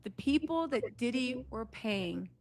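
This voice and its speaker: A woman's voice: fairly high pitch, measured pace, faint music behind. A woman commenting on celebrity gossip, telling it like a story and acting out the people she quotes. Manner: animated storytelling, acts out quoted voices.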